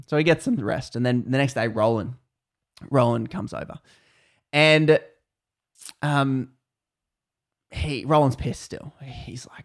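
A man tells a story in a loose, chatty way. He is animated and full of fillers, and he acts out the characters' lines. His voice sits at a middle pitch. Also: measured pace, long pauses. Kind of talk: casual storytelling.

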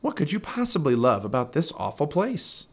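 A man's voice: on the high side, wildly swooping pitch, moderate pace, voice pushed up, full character voice. A man voicing a sensible, fussy female squirrel in a read-aloud storybook, dry and scolding. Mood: grumpy.

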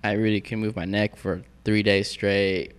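A man chatting casually as a podcast guest, telling animated stories and acting out quotes. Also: on the low side, moderate pace, clear, resonant tone. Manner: animated storyteller, acts out quotes. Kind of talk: casual chat.

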